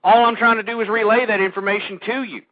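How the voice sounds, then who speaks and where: A man hosting an internet talk radio show, speaking in a rambling monologue that stumbles over repeated words and turns loud and heated. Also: high voice, level tone, fast talker, no room sound. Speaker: radio host. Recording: tinny phone-line sound, dry.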